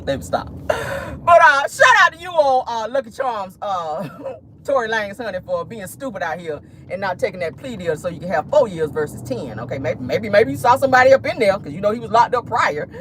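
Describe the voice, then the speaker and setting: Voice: mid-range voice, very animated, brisk, a bit bright, slight background noise. A vlogger and host giving sassy celebrity gossip commentary from a car, laughing often.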